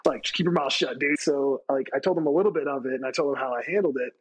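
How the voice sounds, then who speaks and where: A man, a retired Army staff sergeant from the United States, telling stories as a podcast guest, animated, acting out quoted people with a raised voice. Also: fast talker, husky, low-quality recording. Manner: animated storytelling, acts out quotes with raised pitch. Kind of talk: casual storytelling interview.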